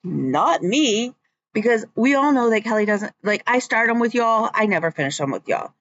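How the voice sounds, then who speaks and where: A woman's voice: fairly high pitch, animated, moderate pace, fairly bright tone, no echo, highs cut off. Rambling, chatty woman vlogger. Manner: rambling, chatty, many ums. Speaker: cross-stitch vlogger. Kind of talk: casual chat.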